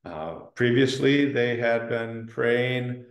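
A man's voice: mid-range voice, takes it slowly, highs cut off. Chatty man leading a Bible class. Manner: conversational, asks the class questions, frequent ums. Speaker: Bible study leader. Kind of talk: teaching an adult Bible study class. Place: church classroom. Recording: roomy echoing room.

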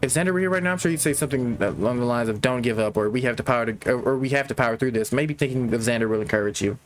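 A man reads a game's dialogue aloud on his gaming channel, stopping to react with comments and laughter. His medium-pitched voice races along over faint background music.

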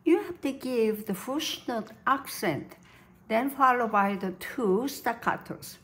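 Woman teaching piano, slow. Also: fairly high pitch, expressive, fairly bright tone. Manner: counts beats and sings rhythms aloud. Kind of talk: piano lesson instruction. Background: piano playing.

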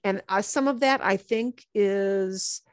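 A middle-aged woman teaching Spanish on a video call, chatty and easygoing. She slips Spanish phrases into her English and repeats them slowly. The sound is dry and close, with no room echo. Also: medium pitch, smooth. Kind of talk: online class lesson.

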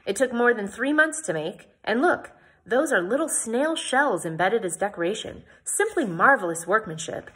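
Jolly excitable gentleman scholar, chatty and eager, as a mom reading aloud puts him on. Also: a little high, moderate pace, pitched above the performer's own voice. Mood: enthusiastic. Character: enthusiastic bearded male gentleman scholar.

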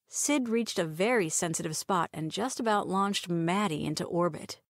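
A woman reading a romantic short story aloud as narrator, in a measured storytelling manner. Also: on the low side, no echo, studio quality. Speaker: audiobook reader.

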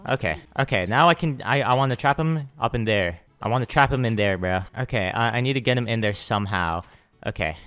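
A young man hosting a gaming channel, giving excitable live commentary on his own play and hyping every win with slang. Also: mid-range voice, brisk.

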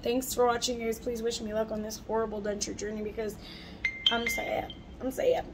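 A woman's voice: a little high, level tone, moderate pace, very noisy. Chatty young woman vlogging, rambling. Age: 20s. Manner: rambling, chatty, with frequent fillers and laughs. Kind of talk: casual chat to camera.

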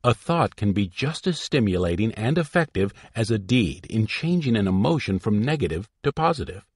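Husky low-voiced man narrating a self-help audiobook, lively emphatic delivery. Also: normal speed, no echo, studio quality. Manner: emphatic, instructive reading. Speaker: audiobook reader.

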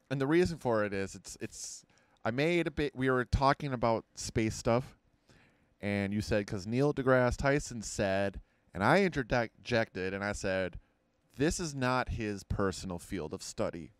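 A man's voice: mid-range voice, measured pace, smooth, dry recording. A man co-hosting a casual comedy podcast, joking and rambling, poking fun at himself. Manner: joking, rambling, self-deprecating. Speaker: podcast co-host. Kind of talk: casual chat.

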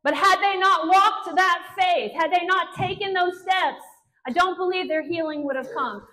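High-voiced woman preaching a sermon. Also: moderate pace, rough recording. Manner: animated storytelling, acts out Bible characters' dialogue.

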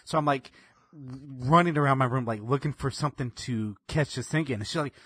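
A man in his thirties with a husky voice, recorded close and dry. He tells stories in a laid-back podcast chat, full of fillers, his voice often drifting quiet. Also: medium pitch, fairly quick, no echo. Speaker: podcast co-host. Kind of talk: casual chat.

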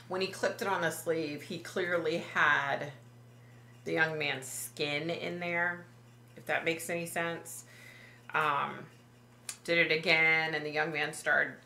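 Low-voiced woman, halting emotional vlog retelling. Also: gravelly, bright, forceful tone, roomy sound. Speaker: psychic medium vlogger. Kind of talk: personal vlog storytelling.

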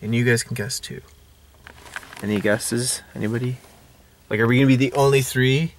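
A man co-hosting a casual movie review chat, quizzing his friends in quick bursts. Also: mid-range voice, steady tone. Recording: noisy casual recording.

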